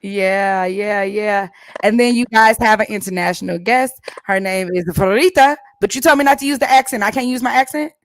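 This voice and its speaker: A woman's voice: mid-range voice, normal speed, no room sound. A woman hosting a casual church youth show, chatting playfully with a lot of laughter and preachy asides. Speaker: host.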